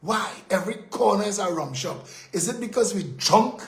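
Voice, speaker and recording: On a live political talk show, a male host with a Trinidadian accent rants with indignation, rattling off rhetorical questions and occasionally shouting. He pitches high and speaks expressively at a moderate pace, with reverberant sound.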